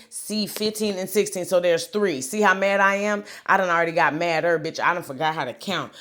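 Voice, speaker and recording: A woman's voice: on the low side, fairly bright tone. A young woman, telling a brash, profane storytime rant as a comedian vlogger.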